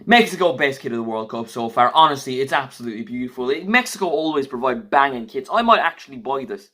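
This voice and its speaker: Man, rapid speech, average pitch, blunt and jokey, casual vlog reviewer. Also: fairly bright tone. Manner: blunt, jokey, quick verdicts. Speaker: football kit reviewer. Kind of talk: casual opinionated vlog commentary.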